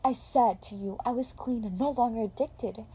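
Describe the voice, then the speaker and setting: A woman's voice: fairly high pitch, moderate pace, warm tone, slightly rough, rough recording. A woman voicing a fragile young mother who talks in an emotional, pleading way. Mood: defensive.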